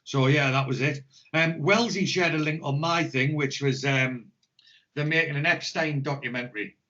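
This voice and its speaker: An English man rambles and jokes his way through a podcast chat. His voice sits a little high and he swears freely. The audio is dull and lo-fi. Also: normal speed, sharp tone. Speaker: podcast co-host. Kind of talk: casual chat.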